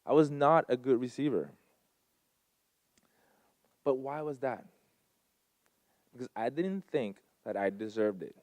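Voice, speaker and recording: An earnest man in his thirties shares a personal testimony, stacking short repeated phrases for emphasis. His voice sits at a middle pitch and is picked up dry and close on a handheld mic. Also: animated, measured pace, long pauses, darkish tone, no room sound. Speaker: guest speaker at a Sunday service.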